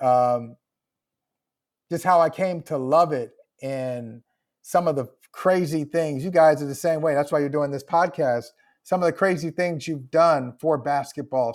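A man who is an author, answering podcast questions remotely in a reflective, emotional way and laughing often. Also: fairly high pitch. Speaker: author guest. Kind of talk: podcast interview.

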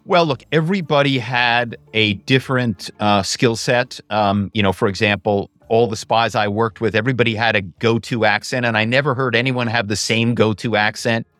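A middle-aged man, a guest in an interview, telling stories about his work in a lively conversational way with frequent "you know" asides. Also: medium pitch, normal speed, few pauses, no room sound, soft background music. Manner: animated storyteller, many "you know" asides. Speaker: guest, former actor and corporate spy.

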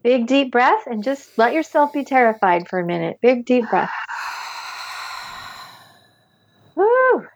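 A woman guiding a tapping session with calm step-by-step instructions, sighing deeply between phrases. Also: normal speed, few pauses, low-quality recording. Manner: calm step-by-step instructions, leading group repetition. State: deep audible sighs and yawns between phrases. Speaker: tapping practitioner. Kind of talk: guided tapping session with breathing.

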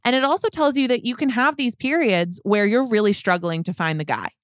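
A podcast co-host with a fairly high voice breaks down sports contract details point by point, keeping the talk casual and analytical. She speaks fairly quickly, and the studio audio is clean with no echo.

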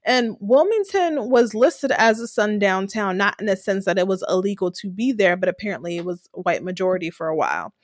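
A young woman from Delaware co-hosts a podcast and animatedly retells scenes from a TV series in casual chat, laughing often. Her medium-pitched voice is expressive and fairly quick, with few pauses and no room sound.

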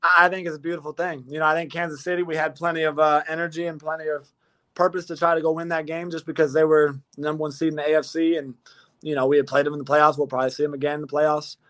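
A man's voice: on the high side, level tone, quick pace, fairly bright tone. A young man in his twenties, a pro football player guest, talking earnestly in a rambling way with many restarts. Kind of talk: casual interview talk.

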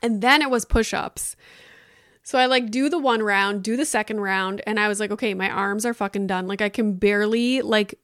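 A woman's voice: mid-range voice, moderate pace, a bit bright, clear, resonant tone, no room sound, clean studio sound. A woman hosting a casual solo podcast, chatting and swearing freely, filling her talk with "like" and acting out her own reactions. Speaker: podcast host.

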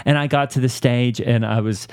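A man's voice: medium pitch, steady tone, moderate pace, smooth, dry recording, studio quality, lightly acted. A man playing an upbeat youth pastor co-hosting an improvised satire podcast, rambling earnestly and interrupting himself. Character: upbeat male youth pastor, eager and oblivious. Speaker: co-host.

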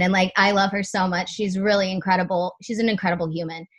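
A woman's voice: medium pitch, fairly even intonation, fast, hardly any pauses. A young adult woman speaking as a podcast guest in casual, candid chat, full of "like" fillers and the odd swear word.

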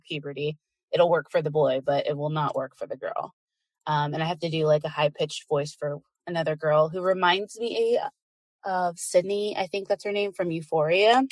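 A woman's voice: mid-range voice, dry recording, clean studio sound. Stuffy-nosed chatty woman podcaster. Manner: chatty, laughs often, many fillers. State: stuffy, congested from illness. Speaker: podcast host. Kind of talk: casual live chat.

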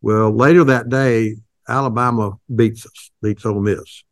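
An older man, a company founder, telling a folksy, halting story in an interview, with many restarts. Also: mid-range voice, steady tone, no room sound, clean studio sound.

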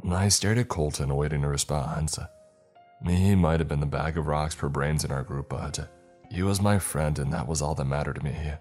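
A man narrating a first-person scary campfire story in a steady, scripted storytelling manner. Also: extremely low pitch, moderate pace. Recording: faint music under the voice.

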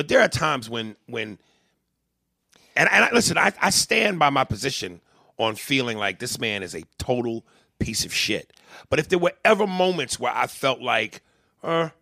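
A man's voice: medium pitch, gravelly, no echo, studio quality. A man arguing politics in a heated, profane way, often retelling and acting out what others said. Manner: heated, profane, animated storytelling. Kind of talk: casual political debate.

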